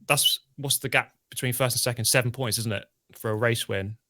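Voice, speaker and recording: A man's voice: mid-range voice, fairly even intonation, a little fast, sharp tone. A man co-hosting a live stream, chatting casually over a race and reading viewer tweets. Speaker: stream co-host. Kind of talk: casual live race watch-along chat.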